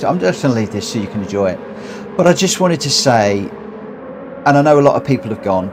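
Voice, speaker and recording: A man streaming a racing game to his viewers, breathless, excited and heartfelt as he reads out the results. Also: mid-range voice. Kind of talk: live game commentary. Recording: clear background noise.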